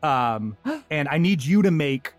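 Brief: playful, fairly high-voiced male game master, swoops a lot. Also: dry recording, muffled recording, soft background music. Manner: animated, joking, quick asides. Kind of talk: improvised tabletop narration.

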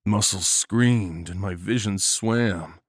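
A man's voice: lowish voice, slow, breathy edge, no echo, studio quality. Intense man narrating a horror story. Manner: intense, dramatic reading.

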